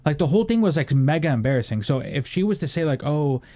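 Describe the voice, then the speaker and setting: A young man hosting a casual podcast chat, talking in a rambling, animated way with plenty of swearing and fillers. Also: on the high side, fast talker. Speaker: podcast host.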